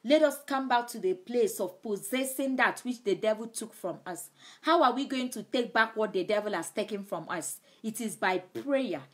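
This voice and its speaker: A woman's voice: a little high, expressive, normal speed. A woman preaching in a live-streamed sermon, emphatic, and often repeating her key phrases.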